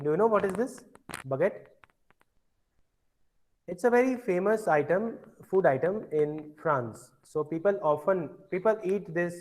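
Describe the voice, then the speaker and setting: A man's voice: fairly high pitch, poor audio. A man teaching a French vocabulary lesson, patiently repeating each word. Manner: slow, patient, repeats words for drilling. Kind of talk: classroom language lesson.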